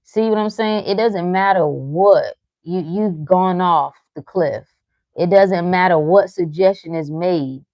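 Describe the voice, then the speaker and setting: A woman with a low-pitched, warm and relaxed voice gives a blunt motivational talk, swearing freely. She teases her listeners and lets short laughs break up her points. The sound is close and dry, with no room in it. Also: a little slow, no room sound, lo-fi sound. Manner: frank, profane and teasing, with short laughs. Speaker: livestream host reading chat.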